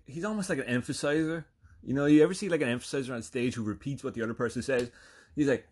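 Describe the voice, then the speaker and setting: Speaking quickly in a mid-range, slightly mellow voice, a thirtysomething Irishman tells a meandering, swear-filled anecdote. He keeps asking "right?" as he goes.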